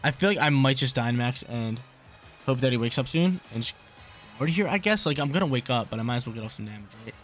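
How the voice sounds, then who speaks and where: A young man talks quickly through his own game, thinking aloud in casual slang and repeating phrases as he weighs each move. His pitch sits in an ordinary middle range. Soft game music plays faintly behind him. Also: expressive. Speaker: gaming YouTuber. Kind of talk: live game commentary.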